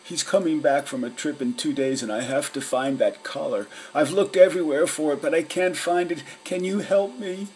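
A man's voice: on the high side, normal speed, hardly any pauses, a little mellow, voice pushed up, natural voice. A man voicing a huge, anxious male mastiff dog in a storybook reading, his voice trembling as he pleads.

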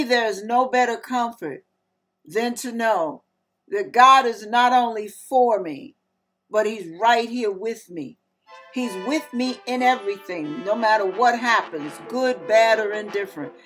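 A woman's voice: on the high side, unhurried, a bit bright, faint music behind. A woman hosting an online ministry, speaking heartfelt and tender as she shares and reads scripture. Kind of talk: devotional scripture teaching.

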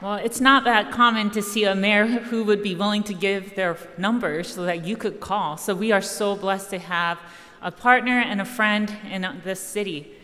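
A woman's voice: medium pitch, fairly even intonation, normal speed, bright, forceful tone, long reverb tail. A woman giving a personal, enthusiastic welcome speech at a university event. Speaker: welcome speaker.

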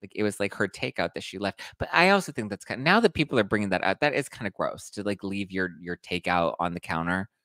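A man hosting a casual live stream, reading viewer comments aloud with animated mock outrage. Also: sits low, quick pace, few pauses, no echo, clean studio sound. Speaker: host reading live chat.

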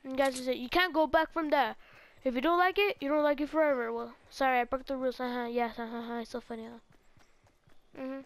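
A woman's voice: sits high, fairly even intonation, fast talker. A teenage girl giving casual, rambling gameplay commentary and talking straight to her viewers. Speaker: gaming video creator.

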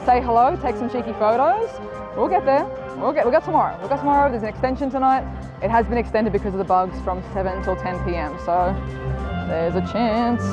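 A young woman, chatting excitedly to camera while walking outdoors in the desert. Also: on the high side, brisk, lo-fi sound, music in the background. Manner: chatty, excitable, self-mocking. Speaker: vlogger. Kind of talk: casual vlog chat. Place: outdoors in the desert at a live event.

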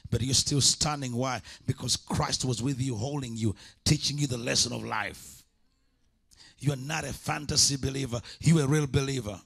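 Guy preaching a fiery sermon, mid pitch, keeps repeating lines for the crowd to answer. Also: moderate pace, creaky, a bit bright, slightly rough. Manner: impassioned, repetitive call-and-response preaching. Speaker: evangelist preacher.

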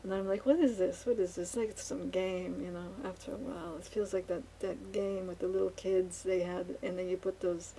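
This vlogger muses aloud at her easel, her lowish voice dark, mellow and a bit gravelly, her speech halting and cluttered with fillers and restarts, the tone fairly flat. A faint hiss runs under the low-quality recording.

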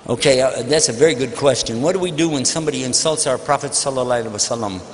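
A man's voice: medium pitch, racing, in a large hall. A man giving an Islamic lecture, answering an audience question with an earnest, emphatic story.

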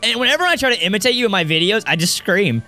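A young man hosting a casual two-player gaming session, chatty and excitable, laughing often. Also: high voice, very fast, faint music behind. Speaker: host. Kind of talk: gaming commentary.

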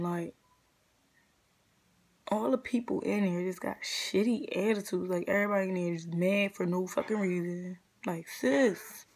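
A young adult woman vlogger telling a casual storytime rant, blunt, profane and exasperated, full of slang. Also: medium pitch.

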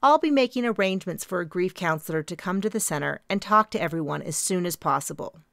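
A poised, confident company owner greets people graciously and steadily, as a woman puts her on. The voice carries a touch of vocal fry and sits a little higher than the narration. It is recorded close and dry for an audiobook. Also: lively intonation, fast talker, a bit bright, dry recording.

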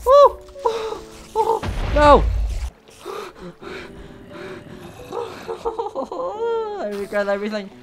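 A gameplay commentator talking over their own play, jumpy and quick to swear, yelping at every scare. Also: mid-range voice.

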